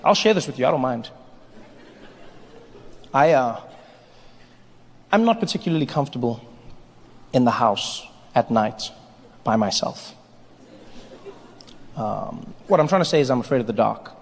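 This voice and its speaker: A man performing a stand-up comedy set, animated, conversational and playful. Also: mid-range voice, a little slow, long pauses. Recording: hall reverb, faint noise.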